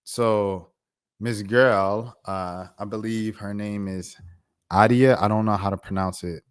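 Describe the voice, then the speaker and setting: A man's voice: on the low side, steady tone, a little slow, clean tone. A young man from the United States giving laid-back, reflective commentary to his viewers in a casual vlog. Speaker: vlogger.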